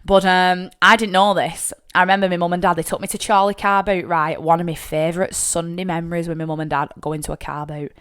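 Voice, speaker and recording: This young host talks a little fast, barely pausing, in a smooth and lowish voice with a Lancashire lilt. On her podcast she tells personal stories solo, chatty and open, cursing casually and acting out her family with real animation. The accent is Northern English.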